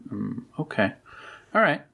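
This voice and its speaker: A man co-hosting a casual podcast, enthusiastic and quick to laugh, musing over questions aloud. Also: fairly low pitch, very animated, gravelly, pushed and bright, slightly rough. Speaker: podcast co-host.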